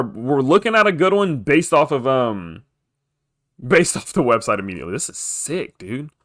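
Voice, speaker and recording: Excitable young man reading crypto text. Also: a little high. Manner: excitable, reads text aloud and breaks in with quick reactions. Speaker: crypto video host. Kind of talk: casual screen-share commentary, reading a white paper aloud.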